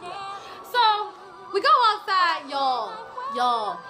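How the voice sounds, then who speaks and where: A young woman telling a casual storytime to her viewers, chatty and animated, calling them y'all. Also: extremely high pitch, slow pace, creaky, over music. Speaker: vlogger.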